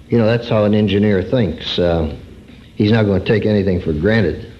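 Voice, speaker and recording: Male preacher, personal testimony, slow and earnest, lively swooping pitch, muffled old recording. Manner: earnest, with dramatic swings between high emphasis and low drawn-out words. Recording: dull lo-fi recording.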